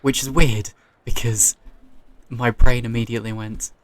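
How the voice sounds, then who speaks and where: A man's voice: medium pitch, fairly even intonation, measured pace. A young man with a British accent talks to himself in a rambling, sweary way. He corrects himself often and drops into muttered asides. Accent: British English. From Britain. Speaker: vlogger. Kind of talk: rambling solo chat.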